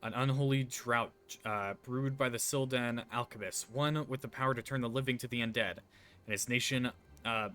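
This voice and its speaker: A man's voice: medium pitch, steady tone, normal speed, pushed and bright, lightly acted. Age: older. Figure: a man putting on a doom-laden grieving parent. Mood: ominous. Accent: put-on folksy accent. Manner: brooding, dramatic storytelling.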